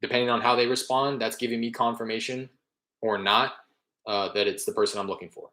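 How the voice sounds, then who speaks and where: A man's voice: medium pitch, steady tone, fairly quick, pushed and bright, reverberant. A young man in casual talk, explaining his real estate cold-calling method between live calls, rambling a little as he goes.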